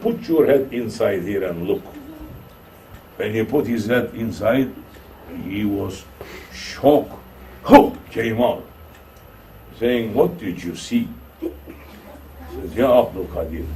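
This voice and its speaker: A man with a Turkish accent, a Sufi shaykh, tells a story in a sermon and acts out the voices of its characters. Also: slight background noise. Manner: animated storytelling, acting out quoted voices with rising pitch. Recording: distant mic with faint room ambience.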